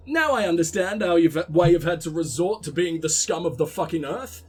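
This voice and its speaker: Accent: Cockney. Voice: high and husky. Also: male voice, expressive, brisk, few pauses. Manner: profane, wry commentary. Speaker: let's play gamer. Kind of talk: game commentary.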